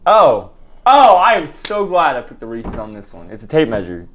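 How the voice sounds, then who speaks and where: A woman co-hosting a guessing-game challenge video, bantering casually and breaking into laughs and shouts. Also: rumbling low, moderate pace. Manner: excitable, bursts into laughter and shouts. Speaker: YouTube challenge co-host.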